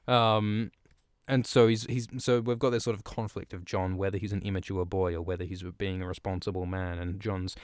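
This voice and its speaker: A man's voice: deep voice, level tone, moderate pace, smooth, dry recording, studio quality. A man casually and irreverently recapping a book as a podcast host, rambling and swearing freely.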